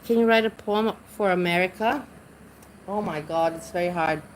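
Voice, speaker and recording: At a moderate pace, an intoxicated woman with a low voice chats casually on a livestream while reading chat. Her speech rambles with frequent restarts and word searches; the audio is low quality with slight background noise.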